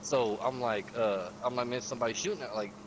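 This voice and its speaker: Fast-talking profane gamer man. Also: medium pitch, noisy background. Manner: profane, streetwise, acts out quotes. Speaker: gamer recounting a session. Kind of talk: casual storytelling.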